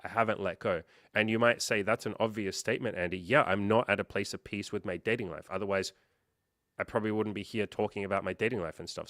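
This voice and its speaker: A man hosting a livestream as a life coach, chatting casually and reading out viewer comments, with lots of fillers and quick quoted reactions. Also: lowish voice, fairly bright tone, no echo, studio quality.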